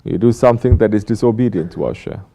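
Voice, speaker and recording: A man's voice: lowish voice, fast, vocal fry, warm tone. A man teaching a spiritual talk as a Sufi teacher, emphatic and full of rhetorical questions. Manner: rhetorical questions, emphatic, mocking quoted apologies. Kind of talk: sermon.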